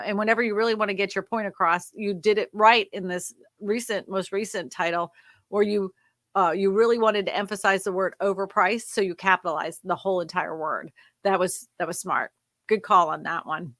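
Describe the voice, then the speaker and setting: A woman talks through feedback in a casual livestream, with a bright, forceful tone. Her delivery is direct and coaching, with quick asides. The sound is dry and close, with little room echo. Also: mid-range voice. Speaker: co-host giving thumbnail feedback.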